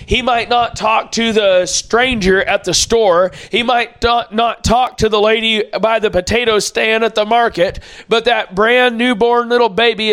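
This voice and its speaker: A man's voice: sits high, a bit bright. A man preaching a sermon, emphatic and quoting scripture at length.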